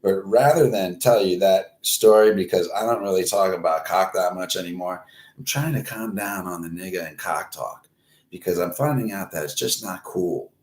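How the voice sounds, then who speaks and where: This is a profane monologue from a host in his forties based in Florida, whose lowish voice moves at a moderate pace. He rambles crudely, swears throughout and turns loud and animated when acting scenes out, all in an echoey room.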